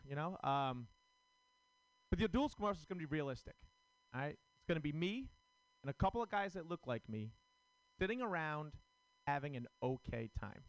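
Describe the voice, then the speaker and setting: A man's voice: fairly high pitch, smooth, no echo, low-quality recording. Rambling stand-up man, close and dry. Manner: rambling, self-deprecating, filler-heavy. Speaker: stand-up comic. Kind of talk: stand-up set. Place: comedy club stage.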